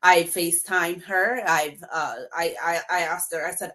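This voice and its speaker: A woman's voice: fairly low pitch, animated, normal speed, few pauses, pushed and bright. A woman telling her story in a casual live stream, quoting the people she dealt with. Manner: emphatic, recounts dialogue in quotes. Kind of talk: casual spoken testimony.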